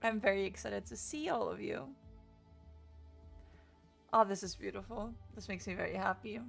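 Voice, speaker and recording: A young woman with a gravelly, fry-laden voice runs a laid-back book stream. She chats loosely and curses often, and faint music plays underneath. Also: medium pitch, normal speed. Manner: chatty, swears freely, greets chat excitedly. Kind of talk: casual livestream chat.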